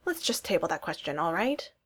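A woman voicing an earnest, wry male politician in a story reading, speaking in a dry, measured way. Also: on the low side, big pitch swings, fairly bright tone, slightly rough, heavily acted.

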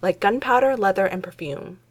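A woman reading fan fiction aloud, voicing a brash, excitable young woman at a bar who talks bluntly and sarcastically. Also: medium pitch, normal speed, natural voice. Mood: sassy.

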